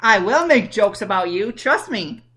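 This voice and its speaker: A woman's voice: medium pitch, expressive, unhurried, a bit bright. A woman hosting a casual internet radio show, taunting a rival with stumbling restarts.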